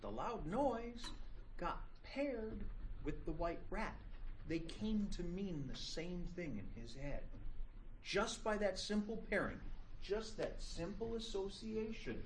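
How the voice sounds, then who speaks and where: Animated man lecturing in an echoey classroom. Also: high voice, takes it slowly, distant mic, a little hiss or hum. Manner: lively, joking, animated storytelling. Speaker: psychology teacher.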